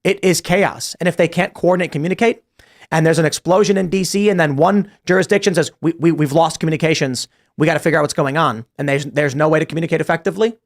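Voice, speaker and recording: A man hosting a political panel show, talking fast and acting out quoted shouts as he tells stories. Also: a little high. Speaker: host.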